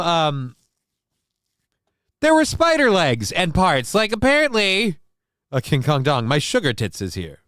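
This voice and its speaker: Here a man with a high-pitched, slightly bright, clear and resonant voice hosts a casual live-stream chat with no room sound. He's an adult with a six-year-old, broadcasting from a basement room at home on a desk mic held close. Stuffed up with a sinus infection, he keeps sneezing and sniffing while rambling in a crude, joking way.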